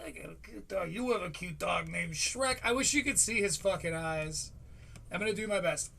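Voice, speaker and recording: A man's voice: high voice, expressive, moderate pace, creaky, bright, forceful tone, a little hiss or hum. A man hosting a live stream, reviewing a podcast in a heated, sarcastic rant.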